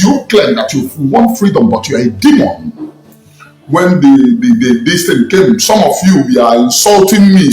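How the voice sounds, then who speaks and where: Nigerian man, scolding spiritualist rant, higher voice, roomy echo, faint music behind. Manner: angry, preaching, scolding. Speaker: self-styled spiritualist commentator. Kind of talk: impassioned online rant. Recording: echoey room with faint music.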